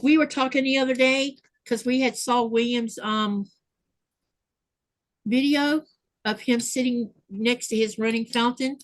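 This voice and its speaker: A woman's voice: a little high, fairly even intonation, measured pace, rough recording. A woman hosting a sewing livestream, chatting casually and reading viewer comments aloud. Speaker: livestream host. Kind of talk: casual chat while sewing.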